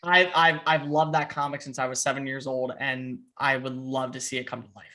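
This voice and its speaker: Excitable young man, bright voice. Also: mid-range voice. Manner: excitable, fast, with playful put-on voices and profanity. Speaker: podcast guest. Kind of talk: casual chat.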